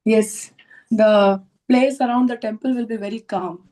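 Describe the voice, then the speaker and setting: Woman in the audience giving a calm short answer, mellow tone. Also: fairly high pitch, unhurried. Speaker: audience member.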